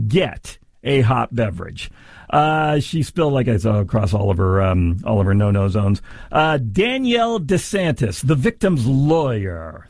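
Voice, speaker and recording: A man's voice: mid-range voice, no echo, clean studio sound. A man hosting a sarcastic commentary on a news story, mocking and exaggerated in delivery. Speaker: commentary host.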